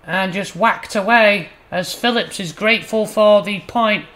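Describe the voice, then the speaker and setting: A man with a high, light voice runs a gaming channel and calls his own football game matches like a broadcast commentator, playful and excitable. He keeps up an easy, measured patter during the build-up, then bursts sharply louder when a shot goes close or the ball hits the net.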